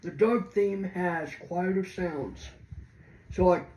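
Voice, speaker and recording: A warm, high-pitched man's voice moves slowly through a casual screen-reader walkthrough. The tech video host, indoors at a computer, explains ramblingly and hesitantly, often restarting, in a roomy room with faint background noise.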